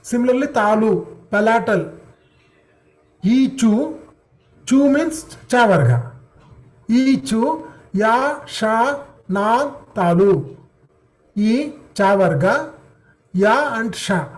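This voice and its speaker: Slow, patient man. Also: high voice, lively intonation. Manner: patient, repeats syllables and checks understanding. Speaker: teacher. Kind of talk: online class drilling pronunciation.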